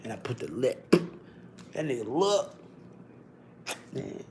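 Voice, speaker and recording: A middle-aged man hosting a casual livestream, telling loose, slangy stories and giving long runs of shout-outs. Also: mid-range voice, wildly swooping pitch, takes it slowly, heavy background noise. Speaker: livestream host.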